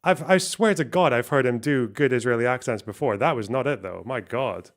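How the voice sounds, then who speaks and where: A man streams reaction commentary in a sarcastic, profane, joking way. His voice sits at an ordinary mid pitch. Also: brisk. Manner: sarcastic, swearing, laughing asides. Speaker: streamer host.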